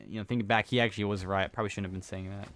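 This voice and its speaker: A young man with a bright, clear-toned voice chats casually while he plays a game. He rambles, stops to correct himself and chuckles his way through stories. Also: on the low side, steady tone, very fast. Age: young adult. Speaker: gaming streamer. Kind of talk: casual chat while gaming.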